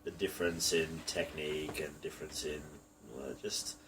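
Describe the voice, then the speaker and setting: Male strongman coach, deep voice, easygoing, a bit off-mic with faint hiss. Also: moderate pace. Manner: relaxed, laughs often, explains technique. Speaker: strongman coach and podcast co-host. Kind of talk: casual podcast chat. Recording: distant from the mic, faint background noise.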